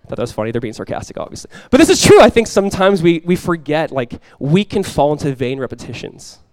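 A man's voice: a little high, big pitch swings, fast talker, darkish tone, dry recording. A young adult male pastor giving a conversational sermon, joking and acting out little quotes.

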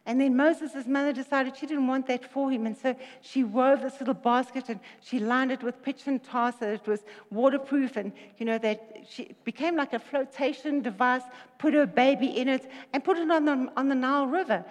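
A woman preaching a sermon, telling a story with lively asides and jokes. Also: sits high, moderate pace, few pauses. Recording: reverberant hall.

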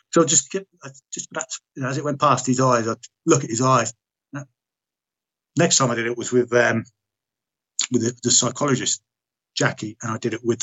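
Man, husky, blunt storyteller, swears a lot and acts out old conversations. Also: mid-range voice, fairly bright tone. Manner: blunt, heavy swearing, reenacts dialogue. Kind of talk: casual storytelling chat.

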